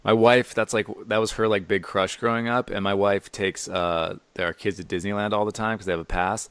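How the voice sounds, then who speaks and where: A male podcast host in a relaxed, casual chat. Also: on the low side, brisk, smooth, dry recording.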